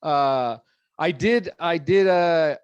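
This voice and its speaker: A man's voice: a little high, slow, smooth, no echo, lo-fi sound. A man in his thirties doing a stand-up comedy set, rambling and self-deprecating with lots of fillers. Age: 30s. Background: audience laughing.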